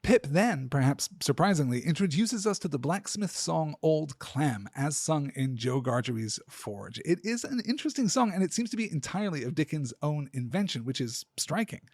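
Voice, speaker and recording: A man hosting a podcast, talking through a classic novel in a measured, analytical way. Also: fairly high pitch, big pitch swings, a little mellow, no room sound, clean studio sound. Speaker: podcast host. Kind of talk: literary discussion.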